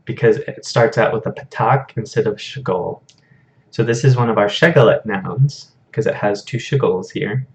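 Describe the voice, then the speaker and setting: A man's voice: lowish voice, normal speed, darkish tone, dull audio. A man teaching a Hebrew grammar lesson over a shared screen, explaining patiently in a casual way with frequent fillers.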